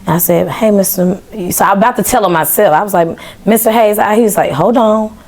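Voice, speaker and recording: Animated woman telling a story. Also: mid-range voice, fairly quick. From Memphis, Tennessee. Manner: animated, acts out quoted dialogue. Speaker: podcast guest. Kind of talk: casual storytelling.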